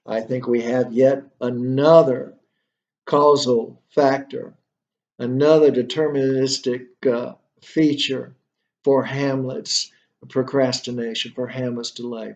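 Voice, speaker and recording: A man's voice: medium pitch, a little slow. A male instructor giving a literature lecture, thinking aloud with many fillers and rhetorical questions.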